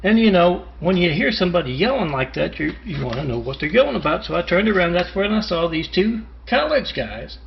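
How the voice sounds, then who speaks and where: Gravelly man in a rambling monologue. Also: sits high, big pitch swings, muffled recording, a little hiss or hum. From Louisiana. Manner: halting, with restarts and repeated self-introductions. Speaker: self-styled parable teller. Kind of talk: rambling monologue with imagined callers.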